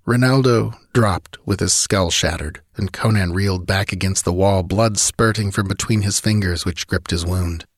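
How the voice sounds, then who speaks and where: Reading a dramatic adventure audiobook, a fairly low-voiced man keeps the storytelling vivid and driving, at normal speed with few pauses and a breathy edge. The recording is close and dry with no echo.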